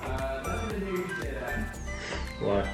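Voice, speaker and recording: A man's voice: mid-range voice, very animated, measured pace, roomy sound, music in the background. A man bantering casually at home in a dry, teasing way.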